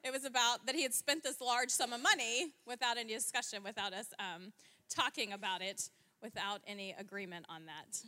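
Bright, high-voiced pastor's wife. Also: female voice. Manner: laughing, quick teasing asides. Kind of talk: chiming in at a sermon.

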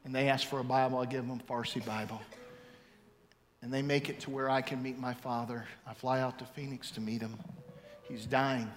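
A pastor in his fifties preaching a storytelling testimony, swinging from loud to hushed. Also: medium pitch, level tone, moderate pace. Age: 50s. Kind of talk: sermon. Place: large church hall. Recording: reverberant hall, faint ambience.

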